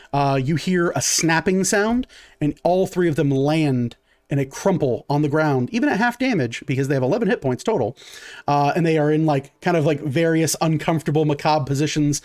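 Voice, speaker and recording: A man's voice: a little high, darkish tone. A man running a tabletop game as game master, narrating casually with lots of fillers and counting out dice rolls.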